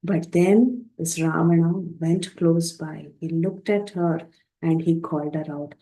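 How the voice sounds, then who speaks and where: Mellow-voiced woman teaching scripture. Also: sits low, steady tone, poor audio. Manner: retells scenes, slows down for quoted speech; explains terms mid-story with fillers. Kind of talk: storytelling scripture class.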